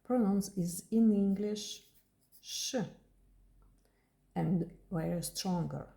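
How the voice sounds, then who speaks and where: A woman's voice: lowish voice, slow pace, creaky, pauses often, dark tone. A woman teaching a language lesson, carefully repeating words and drilling pronunciation.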